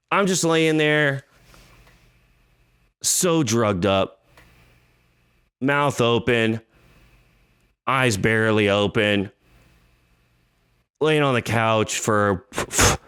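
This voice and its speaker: A man's voice: mid-range voice, clear, resonant tone, no room sound, studio quality. A man in his thirties hosting a podcast, telling a story in a casual, jokey way and acting out his own thoughts in an exaggerated voice. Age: 30s. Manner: animated, jokey, exaggerated retelling with quoted inner voices. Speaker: podcast host.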